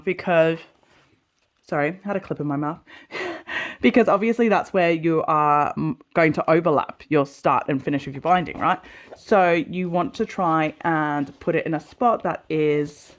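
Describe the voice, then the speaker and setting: A woman with an Australian accent, chatting casually through a sew-along video, talking to herself and laughing at her own mistakes as she works. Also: deep voice. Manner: chatty, self-deprecating, talks to herself while working. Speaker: sewing vlogger.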